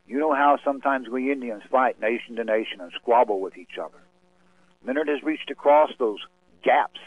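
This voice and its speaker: A man giving a solemn, measured spoken-word appeal and reading, with dramatic pauses, as a guest on a radio show. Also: medium pitch. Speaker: radio guest speaking for a cause. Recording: tinny phone line.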